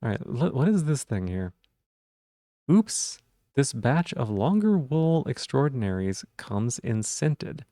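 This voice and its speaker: A man's voice: medium pitch, sing-song, slow, warm tone, no echo, studio quality. A man streaming live, chatting casually and playfully while he repeats silly puns and rambles.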